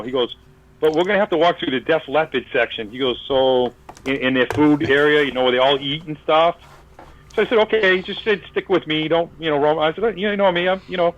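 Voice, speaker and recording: A man's voice: fairly high pitch, dull audio. A man telling a long story in casual podcast chat, acting out the voices of the people in it, with many fillers and restarts. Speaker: podcast guest.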